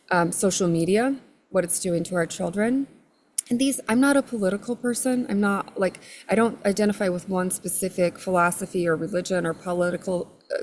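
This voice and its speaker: A woman's voice: on the low side, vocal fry, a little mellow, slight background noise. A woman energy healer telling a personal story in a podcast conversation, acting out the voices she quotes.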